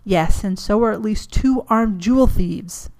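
A woman voicing a commanding female FBI agent who barks brisk orders. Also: medium pitch, darkish tone, lightly acted. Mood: urgent.

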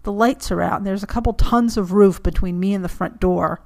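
Woman reading a hoarse, breathless trapped agent. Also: medium pitch, brisk, natural voice. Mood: wry.

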